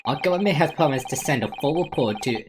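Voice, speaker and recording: A woman streamer voicing a solemn judge who speaks in grave, measured declarations. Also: deep voice, animated, noisy background. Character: solemn courtroom judge, man.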